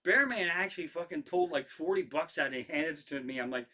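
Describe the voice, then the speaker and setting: A man's voice: a little high, fast, pushed and bright. A man, a stand-up comedian, telling rambling, profane stories to a live stream audience, often restarting his sentences. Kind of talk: casual storytelling to a live stream.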